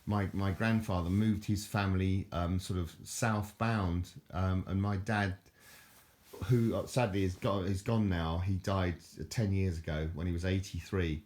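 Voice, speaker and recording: A rambling older man with a southern English accent talks to camera in a low voice, chuckling and wandering from thought to thought. He repeats words and restarts sentences as he goes. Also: steady tone, a little slow, a little mellow. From southern England. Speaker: vlogger. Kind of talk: rambling casual chat to camera.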